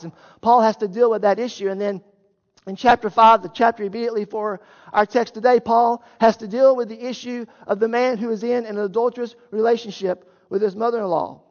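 A male pastor preaching a sermon, explaining a Bible passage in an earnest, emphatic way and pressing his points with rhetorical questions. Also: high-pitched. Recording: echoey hall, dull lo-fi sound.

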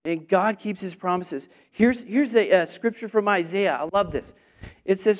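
A man preaching a lively sermon to a congregation, energetic with call-and-response, rising at times almost to a shout. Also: sits high, normal speed.

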